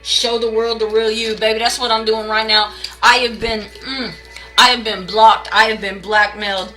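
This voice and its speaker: A woman's voice: on the high side, flat delivery, normal speed, sharp tone, soft background music, rough recording. A woman reading tarot on a late-night live stream from her home, blunt, ranting and swearing, calling her viewers baby and y'all. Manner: blunt and heavily profane, ranting; calls viewers baby and y'all, greets chat by name.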